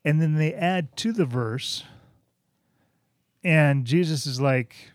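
A man's voice: a little high, slow pace, pauses often, no echo, studio quality. A man co-hosting a church podcast, earnestly talking about scripture in casual chat. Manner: earnest, quotes scripture with a laugh.

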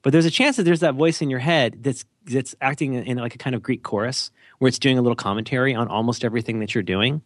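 A man's voice: mid-range voice, fast, hardly any pauses, no room sound, clean studio sound. A man co-hosting a podcast, talking in a casual, rambling, jokey way and often cutting himself off. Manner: animated, jokey, rambling with self-interruptions. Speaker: podcast co-host.

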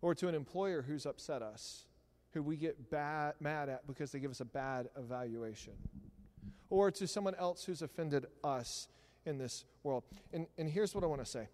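A middle-aged man preaching a sermon in a church, talking conversationally with animated asides. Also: on the high side, normal speed. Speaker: pastor. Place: church sanctuary. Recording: long hall reverb.

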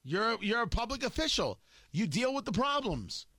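Man, political commentary host, high voice, swooping lively delivery, combative, rhetorical questions. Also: normal speed, no echo, studio quality.

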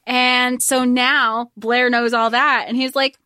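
A woman with a fairly high voice retells a story on a podcast, rambling and excitable, with plenty of "like" and some swearing. The recording is dry and close-miked. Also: a little slow, hardly any pauses, no echo. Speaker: podcast co-host. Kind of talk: casual book-discussion chat.

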